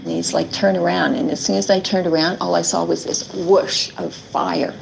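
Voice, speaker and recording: A middle-aged woman speaks in an interview, retelling events earnestly and quoting herself. Her voice sits somewhat low and has a gravelly edge. A faint hiss lies underneath. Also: flat delivery, normal speed, poor audio. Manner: earnest, quotes herself and others, many "like" fillers. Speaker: interviewee recounting her ordeal. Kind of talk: emotional testimony in an interview.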